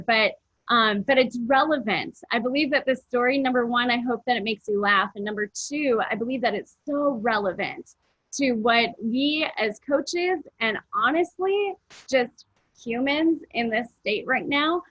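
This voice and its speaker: A woman's voice: a little high, husky, no room sound. Earnest woman on a muffled call. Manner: warm, earnest, rambling, with quick laughs. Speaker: fitness coach and guest speaker. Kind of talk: casual motivational talk.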